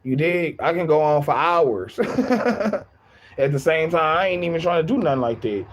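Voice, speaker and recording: A man's voice: on the high side, lively intonation, measured pace, slight background noise. A young man chatting casually on his livestream, rambling, repeating himself and laughing often.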